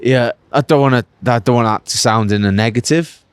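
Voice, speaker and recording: A man's voice: medium pitch, a little fast, smooth, dry recording. A Welsh man in his late thirties, a professional cyclist chatting casually in an interview, rambling with lots of "like" and "mate". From Wales. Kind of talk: casual post-race interview.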